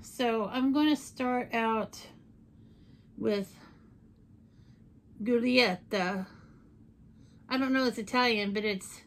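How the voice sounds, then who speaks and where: Chatty woman with a higher voice. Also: a little slow. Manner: chatty and playful, with jokey asides. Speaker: beauty vlogger. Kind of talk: casual makeup tutorial chat.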